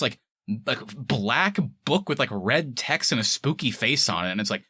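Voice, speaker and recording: A man chatting about a film on a podcast, lively and animated, often slipping into quoted voices. His voice is bright and swings up and down a lot. The sound is dry and close. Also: mid-range voice, moderate pace, husky, no echo. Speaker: podcast co-host reviewing a film. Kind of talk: casual chat.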